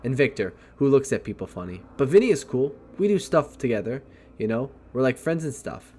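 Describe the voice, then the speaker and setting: Brash young gang girl, boastful and casual, read by a man in a plain, flat voice with a middling pitch. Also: fairly quick, husky. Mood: casual bragging. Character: tough young female gang member, brash.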